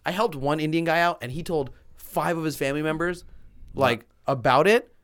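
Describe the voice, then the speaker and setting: A man on a podcast as a loan officer guest, casually telling animated, profane stories and acting out the people he quotes. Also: a little high, normal speed, no echo. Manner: animated storyteller who acts out quoted people; profane, joking banter.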